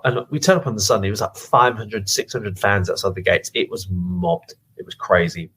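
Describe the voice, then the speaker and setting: Low husky-voiced English man telling stories. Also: moderate pace, few pauses, rough recording. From England. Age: middle-aged. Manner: lively anecdotal, acts out quoted voices. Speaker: guest, music producer. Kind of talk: storytelling interview answers.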